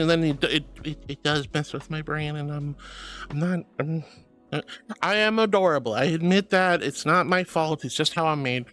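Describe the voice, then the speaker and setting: A woman's voice: sits low, moderate pace, fairly bright tone, soft background music. A woman streamer in casual live-stream chat, giggly and bubbly as she reads chat messages aloud.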